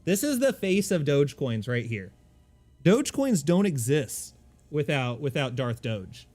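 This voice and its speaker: A man streaming a game from his apartment, chatting casually into a desk mic, self-deprecating and full of quick asides. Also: mid-range voice, very animated, a little mellow, faint music behind. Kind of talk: casual live-stream chat. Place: home apartment. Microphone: desk microphone.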